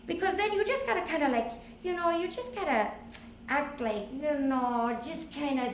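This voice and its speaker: A middle-aged woman doing a one-woman stage monologue, brassy and confiding, swinging between loud and soft. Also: high-pitched. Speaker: solo comedian. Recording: roomy live stage, audible noise.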